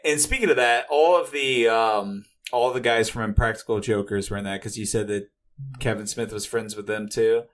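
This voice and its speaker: A man co-hosting a podcast in casual chat, halting and stumbling over names as he reads them out. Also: fairly low pitch, a bit bright. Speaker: podcast co-host. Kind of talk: casual chat, reading out a list.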